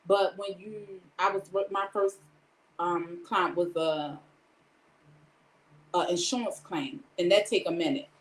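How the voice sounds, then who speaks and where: A woman's voice: on the low side, steady tone, takes it slowly, pauses often, roomy sound, poor audio. A woman giving a candid personal testimony in a casual way. She retells each exchange by quoting it and often speaks of God. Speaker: storyteller sharing a personal testimony.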